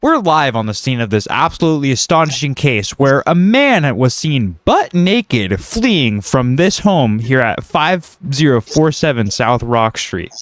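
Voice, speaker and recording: A man voicing a brisk woman TV news reporter reporting live from a scene. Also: mid-range voice, sing-song, no room sound, clean studio sound, pitched above the performer's own voice. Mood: excited. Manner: announcing, loud and bright.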